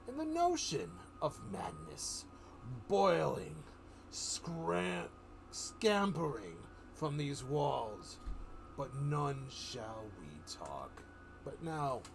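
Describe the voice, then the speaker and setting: A man voicing a theatrical villain clown in a read-aloud comic story, slow, mocking and grandiose. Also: fairly high pitch, sing-song, creaky, slight background noise, full character voice. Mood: menacing.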